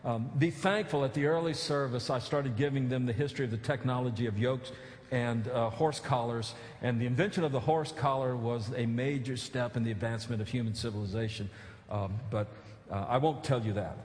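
A man's voice: medium pitch, fairly quick, darkish tone. A man pastor preaching a sermon, earnest, with emphatic pleading appeals and casual asides. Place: church sanctuary. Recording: echoey church hall.

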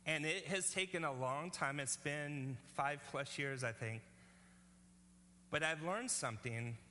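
A man's voice: a little high, unhurried, pushed and bright, big-room sound, slight background noise. A male pastor preaching a sermon in an earnest, conversational way, often checking in with the congregation.

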